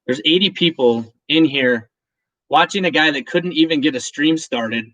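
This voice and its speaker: A man's voice: on the high side, moderate pace, fairly bright tone, no echo, muffled recording. A man hosting a whiskey channel's live stream, chatting casually and emotionally with viewers and his partner. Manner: rambling, emotional, laughs often, many restarts.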